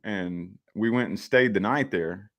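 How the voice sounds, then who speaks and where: A man's voice: on the low side, a little slow. A man hosting a casual live stream from his home office, rambling in a laid-back way and talking straight to his viewers.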